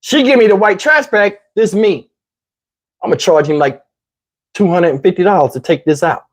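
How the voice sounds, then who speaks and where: Man, husky voice, casual profane storytelling, slangy, lively retelling. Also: high-pitched, moderate pace. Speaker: channel host telling a story.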